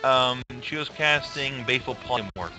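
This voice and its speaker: A man running a tabletop game as game master, hesitant with lots of pauses and restarts. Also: medium pitch, over music.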